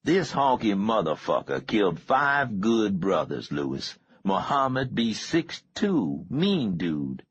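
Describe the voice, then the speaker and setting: An impatient young gang leader, played by a man, snaps out his questions. The voice is pitched up but stays husky, with a lively rise and fall. The recording is dull and lo-fi. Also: slow, hardly any pauses, full character voice. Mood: stern. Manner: snapping, impatient.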